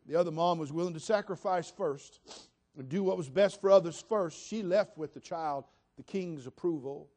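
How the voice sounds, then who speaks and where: A man's voice: a little high, normal speed, darkish tone. A man preaching a sermon as pastor, emphatic and repetitive, putting direct questions to the congregation.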